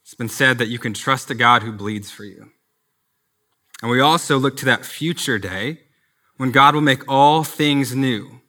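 A man gives a sermon in a bright, clear-edged voice. He preaches earnestly but stays conversational, slipping in personal asides as a pastor. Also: medium pitch, measured pace.

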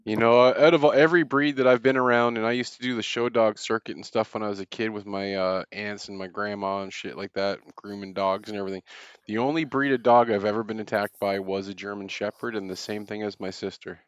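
Fast-talking low-voiced man on a call. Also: steady tone, clean tone, no room sound, lo-fi sound. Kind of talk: casual podcast chat. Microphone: headphones and mic on a call.

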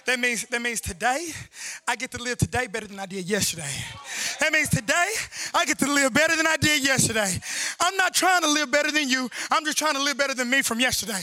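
A male pastor preaching a fervent sermon, often shouting. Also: very high voice, lively intonation, fairly quick, no room sound. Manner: fervent, shouting preacher with call-and-response lines.

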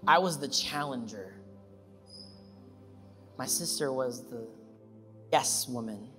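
A male pastor delivers a sermon in a mid-range voice, swinging between loud, ringing emphasis and relaxed, conversational storytelling. His voice carries a long reverb from a large hall, with soft music in the background. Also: slow. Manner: emphatic, builds to loud high peaks then drops to calm storytelling.

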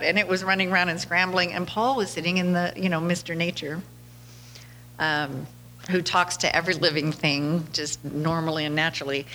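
In a lowish, sharp-toned voice with a bit of hiss or hum in the background, a podcast host chats her way through casual stories. She laughs a lot and performs the quotes she recounts.

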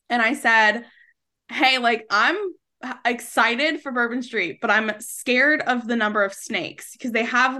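A woman's voice: a little high, pushed and bright. A woman in her thirties co-hosting a podcast, chatting casually, swearing freely and laughing often. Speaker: podcast co-host. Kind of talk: casual chat.

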